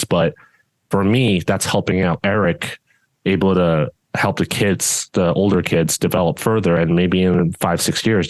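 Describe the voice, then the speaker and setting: Low-voiced male judo coach, casual podcast co-host, even unchanging tone, rambling delivery, dry close sound. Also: no echo. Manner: steady tone that does not rise even when louder; rambling, with many restarts and fillers.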